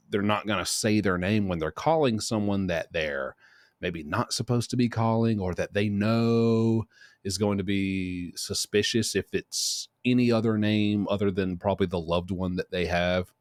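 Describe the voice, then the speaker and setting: A middle-aged man with a low voice hosts a casual commentary video. He talks in a chatty, conversational way. The sound is dry and close to the mic. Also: moderate pace, no echo. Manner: chatty, shifts into quoted voices. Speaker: host.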